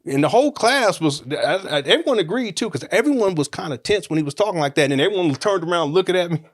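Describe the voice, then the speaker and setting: A man in his forties with a voice a little higher than most men. He talks frankly and jokes as he goes, rambling and breaking off into restarts. It sounds like a relaxed, off-the-cuff storytelling monologue. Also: quick pace.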